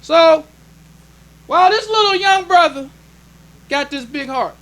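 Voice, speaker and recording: A man's voice: very high-pitched, expressive, a little slow, bright, forceful tone. A male minister preaching a sermon in an emphatic, conversational way, drawing call-and-response from the congregation.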